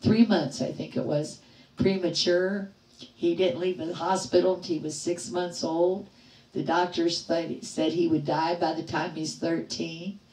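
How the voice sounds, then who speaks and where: A middle-aged woman hosting a livestream, telling a story to her chat in a lively way, acting out the voices she quotes and laughing often. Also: fairly low pitch, a little slow, roomy sound, far from the mic, low-quality recording. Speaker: livestream host. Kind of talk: casual storytelling to live chat.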